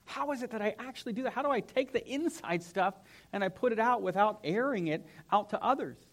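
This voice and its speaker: A young male pastor with a fairly high voice gives a lively, conversational sermon in a church. His delivery swings between quiet, reflective passages and sudden energetic peaks. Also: a little fast. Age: young adult. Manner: animated, conversational, acts out whiny voices. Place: church sanctuary.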